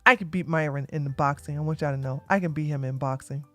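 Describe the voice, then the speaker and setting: A woman hosting a livestream, talking to viewers in a blunt, emphatic and preachy way that swings from loud to quiet. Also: sits low, fast talker, faint music behind. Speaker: livestream host. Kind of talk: casual livestream chat.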